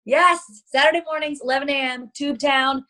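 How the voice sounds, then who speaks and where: A woman's voice: high voice, moderate pace, sharp tone. A woman in her thirties, a children's TV performer, chatting enthusiastically as a podcast guest and laughing easily. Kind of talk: casual interview chat.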